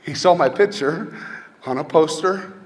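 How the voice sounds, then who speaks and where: A man's voice: a little high, unhurried. A male motivational speaker giving an inspirational speech to a school audience, telling personal stories and asking rhetorical questions. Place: large hall with an audience. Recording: long hall reverb, faint ambience.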